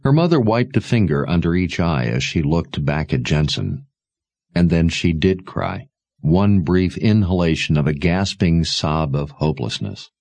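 A man narrating a novel aloud in a measured, expressive storytelling manner. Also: deep voice, dry recording. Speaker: audiobook narrator. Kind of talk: scripted narration.

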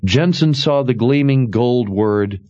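A man telling a fantasy story as an audiobook narrator, in expressive storytelling. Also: mid-range voice, takes it slowly, no echo, dull audio. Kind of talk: scripted narration.

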